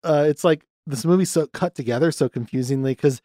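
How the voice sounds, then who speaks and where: A man's voice: a little high, brisk, mellow, no room sound, studio quality. Sweary rambling man recapping a film. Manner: rambling, profane, acts out scenes. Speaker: podcast host. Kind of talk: casual film-recap chat.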